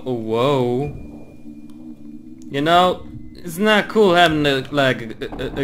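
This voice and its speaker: A man's voice: on the high side, a bit bright. Jumpy young man playing a horror game. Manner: jumpy, nervous, talks to himself. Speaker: gaming YouTuber. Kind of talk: horror game let's play. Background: game music.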